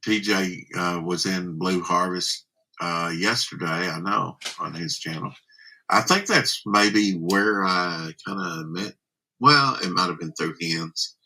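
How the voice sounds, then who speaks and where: A man hosts a relaxed live stream, musing aloud and reading viewer comments with plenty of fillers. His voice is low, husky and strikingly bright. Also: slow pace, low-quality recording. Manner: rambling, musing with many fillers.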